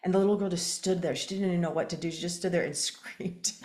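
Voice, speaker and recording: A woman hosting a parenting podcast, telling a personal story in a chatty, expressive way. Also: on the low side, quick pace. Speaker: podcast host. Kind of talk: casual conversation. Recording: roomy echo.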